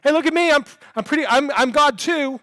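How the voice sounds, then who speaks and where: A man's voice: very high voice, brisk, sharp tone, no echo, voice pushed up. A man voicing a boastful male spirit that brags and begs to be watched. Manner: bragging, needy, repetitive. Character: boastful attention-seeking male spirit showing off.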